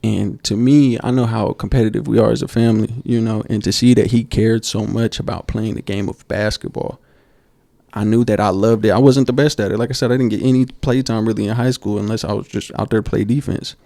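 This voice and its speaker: A man co-hosting a basketball podcast, telling coaching stories in a casual, animated way and acting out quotes. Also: fairly low pitch, a little fast, vocal fry, dry recording, clean studio sound. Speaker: podcast co-host. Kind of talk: casual storytelling chat.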